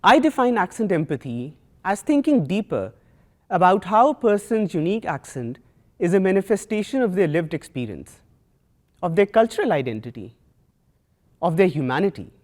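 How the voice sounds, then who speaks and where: A young man from Pakistan with a South Asian accent, giving a prepared, earnest talk with measured rhetorical pauses. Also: high voice, very animated, a little mellow. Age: young adult. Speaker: student speaker.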